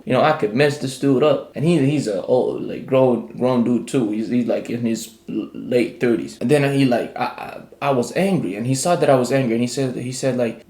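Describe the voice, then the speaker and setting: Young guy rambling thru a storytime, lots of slang, mellow voice, echoey room. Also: mid-range voice. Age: young adult. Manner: rambling, slangy, animated retelling with quoted dialogue. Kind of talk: casual storytime.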